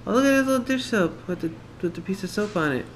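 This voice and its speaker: Chatty young dad vlogging on camera. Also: male voice, sits high, quick pace. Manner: chatty, upbeat, thinks out loud. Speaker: daily family vlogger. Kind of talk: casual vlog talk to camera. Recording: camera audio with steady background noise.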